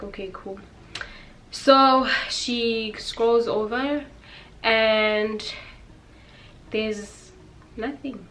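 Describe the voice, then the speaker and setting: A young woman speaks candidly to her viewers, telling a personal story with raw emotion. Her voice sits a little high but stays fairly flat in pitch. A faint hum of noise runs under the recording. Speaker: vlogger. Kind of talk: casual storytelling to camera.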